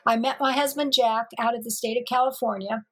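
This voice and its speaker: Woman from Missouri, high voice, slightly husky, lively storyteller, acts out dialogue. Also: brisk, low-quality recording. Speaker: interview guest. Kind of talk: personal storytelling in an interview.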